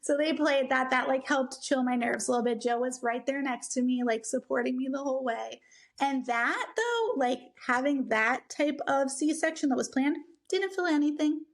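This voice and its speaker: Young woman telling a story, high voice, lots of "like", acts out the people in it. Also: normal speed. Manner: animated, acts out quoted people, many "like" fillers. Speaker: podcast co-host. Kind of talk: casual chat, storytelling.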